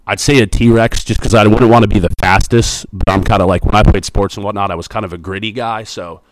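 A man's voice: lowish voice, steady tone, brisk. A man in his thirties, a school principal, answering student questions in a chatty, upbeat, joking way. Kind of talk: casual interview answers.

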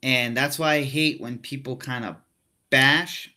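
A man's voice: mid-range voice, fairly even intonation, measured pace, pushed and bright. A young man hosting a casual wrestling chat podcast, laid-back and self-mocking, rambling with lots of fillers. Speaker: podcast host.

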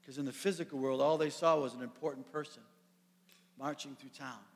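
A man preaching a sermon, animated and storytelling, acting out the characters. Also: medium pitch, brisk. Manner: animated storytelling, acts out voices. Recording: echoey hall.

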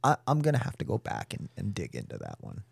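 A man hosting a podcast, chatting casually and telling stories with animated delivery. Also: on the low side, fast talker, gravelly, breathy edge, no echo, studio quality. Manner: animated storyteller, interviews guest. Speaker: podcast host.

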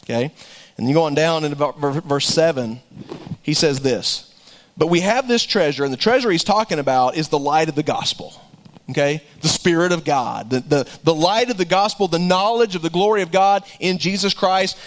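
A pastor with a high voice for a man preaches a folksy sermon. He talks in an animated way, throws in jokes and often repeats words as he goes. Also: normal speed.

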